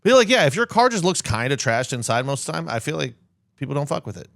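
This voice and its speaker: A man co-hosting a podcast, trading deadpan jokes and cursing in casual banter. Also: on the high side, quick pace, creaky, no room sound, clean studio sound. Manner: deadpan joking, swears, lively ups and downs. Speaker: podcast co-host.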